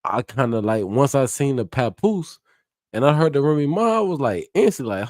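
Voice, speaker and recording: A man's voice: medium pitch, sing-song, a little fast, darkish tone, no echo, clean studio sound. A man hosting a live reaction stream, chatty and hyped, often laughing and swearing freely. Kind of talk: casual live reaction commentary.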